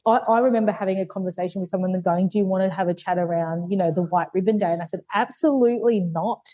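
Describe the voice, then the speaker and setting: A woman's voice: lowish voice, quick pace, warm tone, no echo, poor audio. A woman, a podcast guest, telling her life story openly and earnestly, acting out remembered dialogue. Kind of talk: candid life story in conversation.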